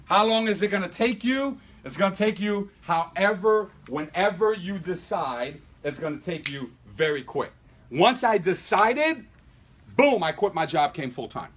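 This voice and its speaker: A man giving a motivational sales training talk to a live room, energetic, checking in with his listeners over and over. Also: sits high, measured pace, poor audio. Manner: energetic, repeatedly asks "right?". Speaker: business trainer.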